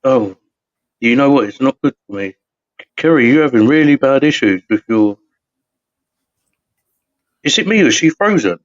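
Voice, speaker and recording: A man's voice: mid-range voice, expressive, no room sound. A man co-hosting a casual live podcast, joking and firing off teasing questions. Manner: teasing, jokey, quick questions. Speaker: podcast co-host. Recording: slightly dull lo-fi audio.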